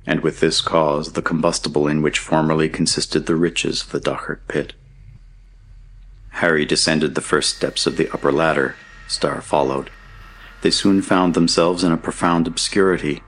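A man narrating an audiobook in a steady, measured reading. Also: extremely low pitch, slightly rough. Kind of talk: scripted narration.

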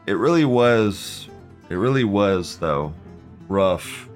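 A man hosting a live stream, ranting fast and profanely while mocking what he reads. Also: fairly low pitch, expressive, faint music behind. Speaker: streamer host. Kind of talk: casual live-stream rant.

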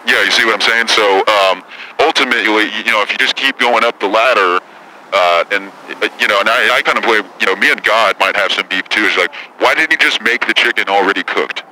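A man's voice: on the low side, a little fast, pushed and bright, slight background noise, rough recording. A man doing a comedy impression of a brash, touchy female celebrity talk host who swears and gets defensive.

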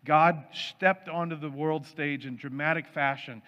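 A man's voice: on the high side, fairly even intonation, measured pace, bright, forceful tone. A middle-aged man preaching a sermon, chatty and storytelling, asking the audience questions. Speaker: pastor. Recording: muffled sound with long hall reverb.

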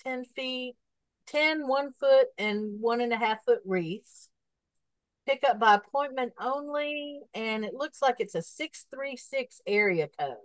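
A woman's voice: a little high, lively intonation, takes it slowly, no echo, poor audio. A woman co-hosting a podcast in easygoing casual chat, laughing often and reading out listings. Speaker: podcast co-host.

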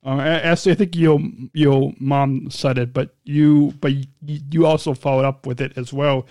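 A man hosting an interview podcast, speaking in a halting way with many restarts and repeated words. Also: medium pitch, fairly even intonation, darkish tone, no echo, studio quality. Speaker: podcast host. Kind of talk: casual interview.

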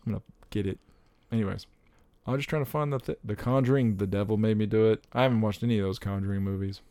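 Excitable young man with a gravelly voice. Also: lowish voice, quick pace, no echo. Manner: excitable, rambling, with frequent exclamations. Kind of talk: casual chat about upcoming movies.

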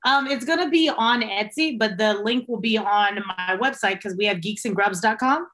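A woman in casual conversation, a guest on a chat show who works in a restaurant kitchen. She tells her stories with animation and leaps up high when she acts out what others said. Her voice sits at a middle pitch for a woman. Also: moderate pace. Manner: animated storyteller, voices quotes in a much higher pitch. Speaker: interview guest, restaurant cook.

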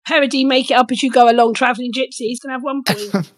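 A woman's voice: high voice, fairly even intonation, fast talker, no room sound. Teasing woman judging a comedy game. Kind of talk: casual chat.

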